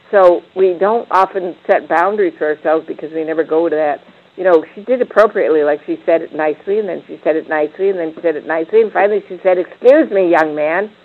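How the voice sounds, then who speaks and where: A woman's voice: on the low side, vocal fry. An older woman leading a reflective panel talk, meandering with frequent restarts and fillers. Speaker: discussion leader. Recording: tinny phone-like line.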